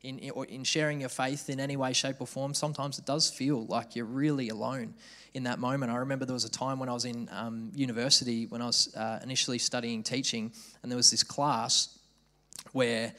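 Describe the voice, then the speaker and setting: A young man preaching a sermon, telling a story with lively mimicked voices. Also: medium pitch, brisk.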